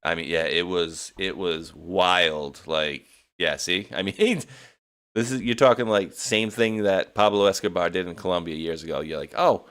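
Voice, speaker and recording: A young man with a New England accent, rambling through a loose casual chat. His voice sits a little low, and he laughs often and restarts his sentences. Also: normal speed, a bit bright. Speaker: podcast host.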